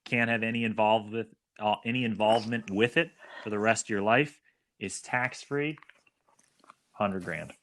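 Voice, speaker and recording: Hesitant, low-voiced male podcast guest. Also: normal speed, a bit bright, a little hiss or hum. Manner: hesitant storyteller with many fillers. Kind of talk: casual chat.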